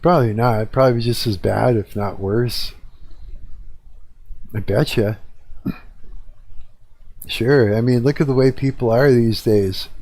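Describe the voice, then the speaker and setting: A man's voice: mid-range voice, measured pace, long pauses, a little mellow. A middle-aged man, ranting in a rambling, profane way on a live stream from his apartment. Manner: rambling, profane, agitated complaining. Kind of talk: casual rant. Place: own apartment.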